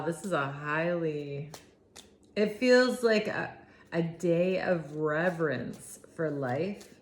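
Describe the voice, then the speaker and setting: A woman with a low voice reads tarot cards slowly, sounding awed and halting, breaking off into sighs and restarting her sentences. The recording has a roomy echo with a faint hiss of noise behind her. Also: darkish tone. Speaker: tarot reader. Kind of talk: spontaneous tarot reading.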